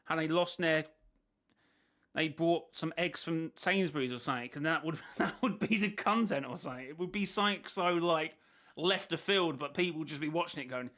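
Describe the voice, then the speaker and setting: A man's voice: on the high side, fairly quick, a bit bright. A man hosting a casual reaction stream, rambling and second-guessing himself as he thinks aloud. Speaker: host reacting to a video.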